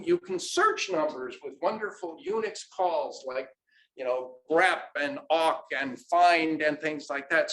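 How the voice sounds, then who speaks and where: A man's voice: on the high side, fairly bright tone, a little hiss or hum, poor audio. A man giving an informal conference talk, often checking in with "right?". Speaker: academic presenter. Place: conference room.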